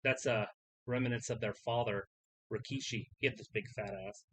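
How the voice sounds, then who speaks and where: A woman's voice: extremely low pitch, fairly even intonation, no echo. A woman co-hosting a live stream, calling the wrestling moves as they happen and cracking crude jokes. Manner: quick reactive calls, crude jokes. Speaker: co-host calling the wrestling action. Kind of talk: casual play-by-play on a live stream.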